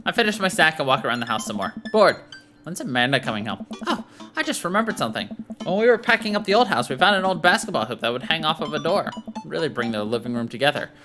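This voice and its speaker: A man's voice: on the high side, lively intonation, fast talker, music in the background. A man reading a dating-sim game aloud in first person as the dad, with playful, jokey asides. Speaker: gaming YouTuber.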